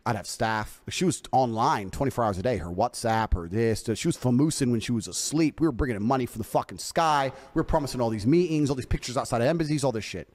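A man's voice: medium pitch, quick pace, few pauses, a little mellow, long reverb tail. A man telling a boastful story on a podcast, swearing freely and acting out the quoted lines himself. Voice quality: profane, swaggering.

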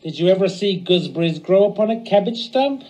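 A man playing a cheeky young odd-job man who rattles off jokes at his own expense, with a high and lively voice. He comes across like a comic servant from an old melodrama. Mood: joking. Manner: quick, wisecracking. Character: jokey young gardener and waterman.

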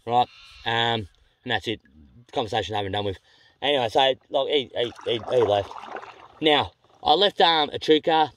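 A man's voice: medium pitch, normal speed, long pauses, fairly bright tone. An Australian man casually telling a travel story to camera. He rambles and corrects himself as he goes, and he is blunt and sweary. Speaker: vlogger.

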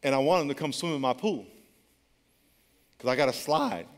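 A man's voice: mid-range voice, animated, normal speed. A man in his fifties preaching a sermon as a pastor, in a conversational storytelling way with humor. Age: 50s. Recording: long reverb of a large hall.

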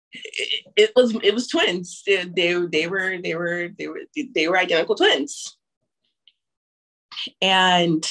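A woman's voice: lowish voice, fairly bright tone, rough recording. A young woman telling her own abortion story frankly and candidly, with frequent restarts and casual swearing.

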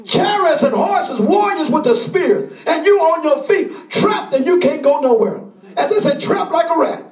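A man preaching a sermon as pastor, impassioned and often shouting, acting out the pleas of the people he describes. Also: very high-pitched, animated, normal speed, roomy sound, recorded from a distance.

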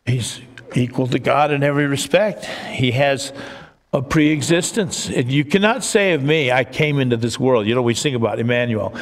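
A male pastor preaching an expository sermon, at times rising to excited emphasis. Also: medium pitch, normal speed, big-room sound.

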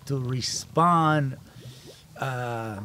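A man's voice: medium pitch, very slow, bright, forceful tone, a little hiss or hum. Emphatic man talking as a podcast host. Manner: emphatic, repeats phrases while building a point. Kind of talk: casual family podcast chat.

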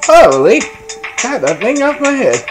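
A fairly high-voiced woman talks through a video game, her pitch jumping all over as she laughs and shrieks. She speaks slowly, with clear game music playing behind her. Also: sing-song, rough recording. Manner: giggly, laughs often, exclaims loudly. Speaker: gameplay streamer. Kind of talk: casual game commentary.

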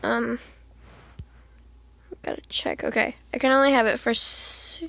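A woman streaming a video game, chatting to herself in a giggly way and breaking into excited squeals. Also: on the high side, a little slow, gravelly, long pauses, no room sound. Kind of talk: casual let's-play commentary.

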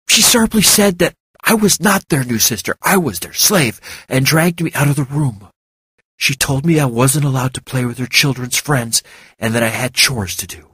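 A man voicing a hurt young woman who grew up a slave, talking low and guarded. His voice is husky and breathy, and the reading sits dry and close to the mic. It is a storybook voice for a heroine who keeps her pain held in. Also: dry recording, lightly acted. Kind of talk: audiobook character reading.

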